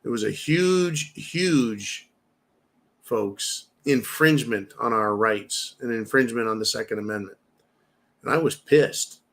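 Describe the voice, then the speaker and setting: A man's voice: mid-range voice, measured pace, fairly bright tone. A man in his fifties hosting a preparedness channel, talking straight to his viewers in a blunt, fired-up monologue and swearing freely. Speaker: prepper channel host. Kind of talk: opinionated monologue.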